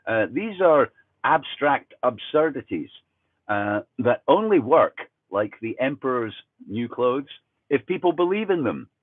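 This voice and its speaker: A man's voice: medium pitch, dry recording. A man from Fife with a Fife Scottish accent, delivering a sardonic, profane ranting monologue as a commentary host. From Fife, Scotland. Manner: sardonic, profane, conspiratorial asides. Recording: tinny phone-like dry sound.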